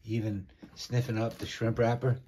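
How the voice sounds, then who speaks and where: A man's voice: medium pitch, level tone, moderate pace, mellow, slight background noise. A man filming at his mountain home, chatting and teasing his cat in a casual way. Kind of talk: casual talk to a pet. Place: rural mountain home by a fire. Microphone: handheld camera.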